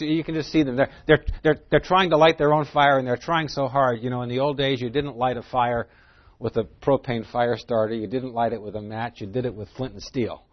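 A man's voice: medium pitch, steady tone, fairly quick, dry recording, dull audio. A man giving a Bible teaching sermon. He reads scripture aloud, explains it plainly and poses rhetorical questions in a conversational way. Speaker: preacher.

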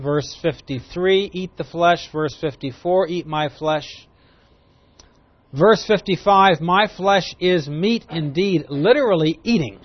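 A man teaching through a Bible passage to a class, lively and emphatic, reading verses aloud. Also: a little high. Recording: dull lo-fi recording.

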